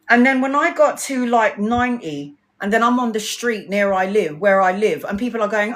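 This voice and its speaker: On a casual live stream, a woman tarot reader tells stories animatedly, swearing freely and acting out what other people said. Her medium-pitched voice moves briskly, with hardly any pauses.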